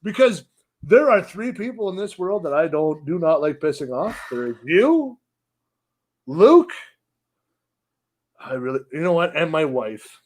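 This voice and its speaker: A man's voice: a little high, very animated, measured pace, pauses often, a little mellow. A man chatting on a casual podcast, telling stories in a rambling, profane way. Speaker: guest.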